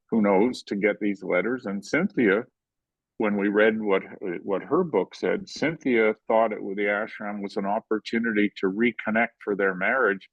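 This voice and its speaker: An older man, a filmmaker, telling animated stories in an interview and acting out the quotes. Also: lowish voice, no room sound, muffled recording. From Canada. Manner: animated anecdotal storytelling, acts out quotes. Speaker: guest filmmaker. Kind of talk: storytelling in a conversational interview.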